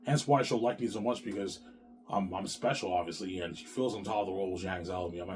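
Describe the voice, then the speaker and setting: Lowish-voiced man rambling to camera. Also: quick pace, darkish tone, a little hiss or hum. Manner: rambling, repetitive and profane, with frequent restarts. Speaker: vlogger. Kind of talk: rambling monologue to viewers.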